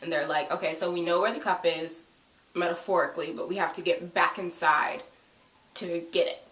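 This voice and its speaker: A woman's voice: lowish voice, steady tone, moderate pace, a bit bright. A young woman casually recapping a TV episode, chatty and giggly, acting out the characters' lines as she goes. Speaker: TV episode reviewer. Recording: echoey room, distant from the mic.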